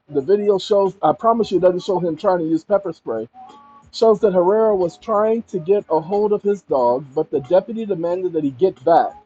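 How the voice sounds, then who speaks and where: Emphatic high-voiced man, lo-fi sound. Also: dark tone, husky. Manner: emphatic, addresses viewers directly. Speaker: commentary channel host. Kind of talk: reading news and reacting.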